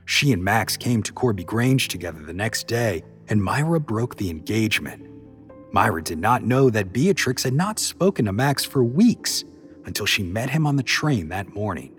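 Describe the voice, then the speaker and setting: Expressive male storyteller, lively pitch. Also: faint music behind. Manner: expressive, measured. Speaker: podcast reader. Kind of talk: storytelling narration.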